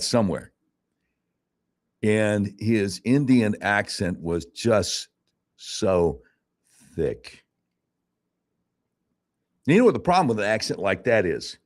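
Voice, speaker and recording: A male talk radio host who reads the news aloud with sarcastic asides and then tells his own stories in an animated, emphatic way. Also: lowish voice. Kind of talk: casual talk radio commentary. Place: radio studio.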